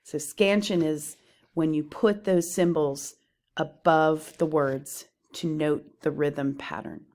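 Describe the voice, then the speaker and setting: A woman teacher talking through lecture slides on poetry, explaining terms in a slow, deliberate way. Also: low voice, steady tone, darkish tone.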